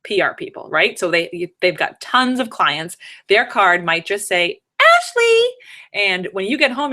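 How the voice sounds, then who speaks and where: A woman's voice: mid-range voice, very animated, moderate pace, pushed and bright. A woman in her thirties chatting casually to her viewers from home, rambling through tips with joking asides. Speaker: vlogger giving conference tips. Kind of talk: casual live-stream chat. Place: home, third floor room.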